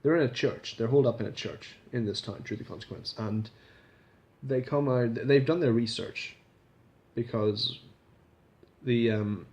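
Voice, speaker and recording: A man's voice: medium pitch, moderate pace, long pauses, a little mellow, highs cut off. A man casually reviewing a TV episode in a rambling vlog, swearing freely and restarting his sentences. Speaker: video reviewer.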